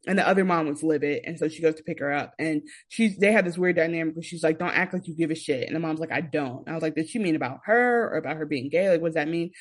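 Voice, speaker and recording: A woman's voice: sits low, rapid-fire, hardly any pauses. A young woman co-hosting a podcast in casual chat, rambling through a recap and acting out quotes. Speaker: podcast co-host.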